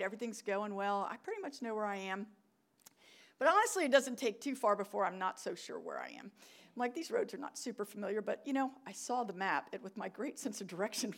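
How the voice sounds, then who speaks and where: A young woman, a church ministry director telling a funny, self-mocking story in a sermon. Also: a little high.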